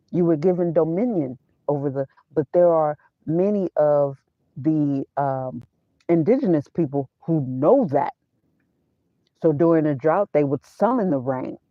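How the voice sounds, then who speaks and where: A woman's voice: low-pitched, no room sound. A woman vlogger giving a casual spiritual talk in a preachy way, quoting scripture and mixing in casual slang. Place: inside her van. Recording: dull, dry sound.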